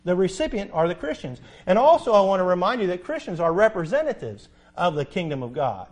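A man preaching a sermon as pastor, asking rhetorical questions, repeating key phrases and reading scripture slowly. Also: high voice, big pitch swings, a little mellow. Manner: quotes scripture slowly and deliberately. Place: church sanctuary.

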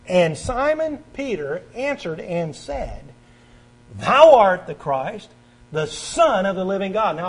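A man preaching a sermon, reading scripture aloud and swinging from forceful stresses to quiet, earnest stretches. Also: poor audio. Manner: emphatic, swings between loud stresses and quiet earnest lows; reads scripture aloud and invites the congregation to turn pages.

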